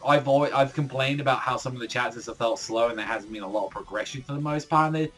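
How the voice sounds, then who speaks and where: A man's voice: mid-range voice, fast talker, a bit bright, faint music behind. A man reviewing a comic chapter in casual, rambling commentary, full of fillers and swearing. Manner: rambling, heavy filler words, swears often. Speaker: manga reviewer.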